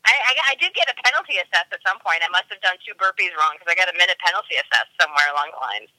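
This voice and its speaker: A woman chatting as a podcast guest about racing, animated and quick to laugh. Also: fairly low pitch, dry recording, low-quality recording. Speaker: guest, obstacle racer. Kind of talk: casual chat.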